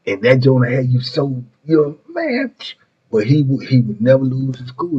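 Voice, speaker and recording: A man's voice: mid-range voice, animated, fairly quick, husky. A middle-aged man telling prison stories as the show's host, in laid-back street slang with rambling asides. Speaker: storyteller host. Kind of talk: casual prison storytelling. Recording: muffled lo-fi recording.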